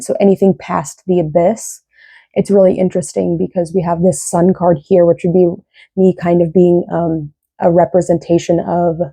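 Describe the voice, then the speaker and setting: A woman's voice: on the low side, gravelly, warm tone, slightly rough, dry recording. A young woman giving a casual, rambling tarot reading, often tagging her sentences with "right?". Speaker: tarot reader.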